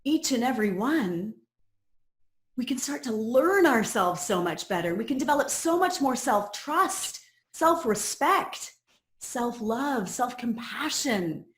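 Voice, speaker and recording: Woman coach with a somewhat high voice, teaching a course in an earnest, personal way, recorded with room echo. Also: big pitch swings, takes it slowly. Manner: earnest and personal, sharing her own story. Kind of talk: reflective teaching talk. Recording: roomy echo.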